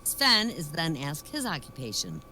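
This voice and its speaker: A woman's voice: low voice, wildly swooping pitch, normal speed, bright, forceful tone, a little hiss or hum, poor audio. A woman doing a stand-up set, chatty and wry, telling jokes in a storytelling way. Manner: chatty, complains wryly, narrates jokes with put-on voices. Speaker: comedian.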